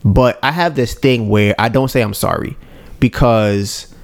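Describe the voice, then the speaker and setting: A podcast co-host tells a personal anecdote in a mid-range male voice with vocal fry, speaking a little slowly. The style is conversational and animated; he acts out what he and others said and keeps engaging his audience.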